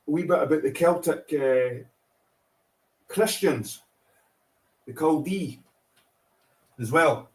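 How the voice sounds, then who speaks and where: A man's voice: on the high side, takes it slowly, long pauses, breathy edge. A Scottish man hosting a livestream, ranting bluntly and swearing a lot in casual chat with viewers. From Scotland. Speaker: livestream host.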